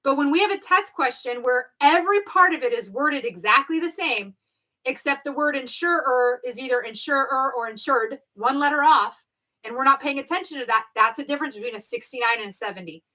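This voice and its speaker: A woman from the United States teaching a live-streamed exam review. Her voice sits high and bright. She leans hard on key words and repeats them so the difference sticks. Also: a little fast, low-quality recording. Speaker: exam prep instructor.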